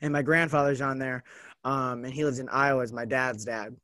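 A man's voice: mid-range voice, fairly even intonation, brisk, sharp tone, dry recording. An American man hosting a podcast, asking questions in a casual, rambling way with many fillers. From United States. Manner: rambling, filler-heavy, curious. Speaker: podcast host. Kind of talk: casual conversation.

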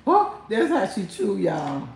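A woman's voice: mid-range voice, very animated, takes it slowly, a little mellow, a little hiss or hum. A woman hosting a livestream, mocking someone and laughing as she talks straight to her viewers. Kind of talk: trash-talking livestream rant. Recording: echoey room.

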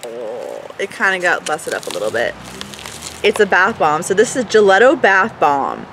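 Bubbly, animated woman. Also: lowish voice, normal speed, a little hiss or hum. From Canada. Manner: bubbly, goofy, swears casually. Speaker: beauty vlogger. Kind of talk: casual product review.

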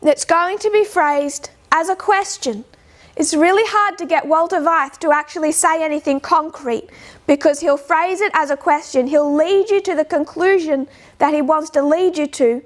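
High-voiced woman giving a measured talk. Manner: measured, slows down to stress points; poses rhetorical questions. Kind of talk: informal lecture.

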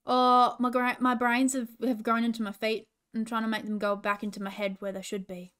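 A woman voicing a slow, good-natured male wombat, earnest and fretful. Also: a little high, flat delivery, a bit bright, clear, resonant tone, lightly acted.

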